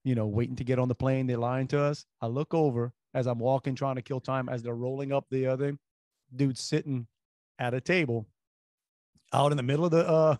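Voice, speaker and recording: A man's voice: medium pitch, fairly even intonation, a little fast, a little mellow, no echo. A man, co-hosting a talk show and telling a long, rambling anecdote full of restarts. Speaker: radio show co-host. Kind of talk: casual storytelling chat.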